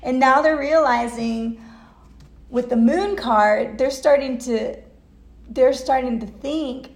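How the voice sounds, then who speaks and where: A woman's voice: high voice, slow. Emotional, swearing woman tarot reader. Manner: emotional and blunt, swears freely. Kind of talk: casual tarot reading. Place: home. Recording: echoey room.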